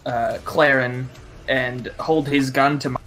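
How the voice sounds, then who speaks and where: A man's voice: mid-range voice, fairly even intonation, slow pace, fairly bright tone, faint music behind. A young man playing a tabletop game, talking hesitantly and apologetically. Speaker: player. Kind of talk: casual chat in a tabletop game.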